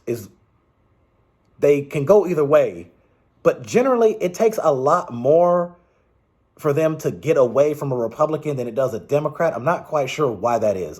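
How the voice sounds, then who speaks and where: A man's voice: mid-range voice, darkish tone, breathy edge. A man giving casual, rambling political commentary, exasperated and restarting his sentences often.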